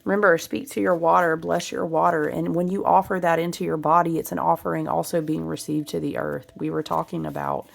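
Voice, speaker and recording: A woman's voice: sits low, little pitch movement, fairly quick, gravelly, hardly any pauses. A woman doing a casual oracle card reading, chatty and laughing often as she reads card text aloud and talks to her viewers. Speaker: spiritual card reader.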